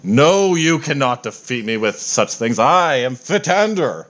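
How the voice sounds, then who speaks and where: A man's voice: mid-range voice, very animated, a little slow, fairly bright tone, voice pushed up. A man voicing a pompous, boastful male villain who calls himself a god, declaiming grandly and theatrically in a tabletop game.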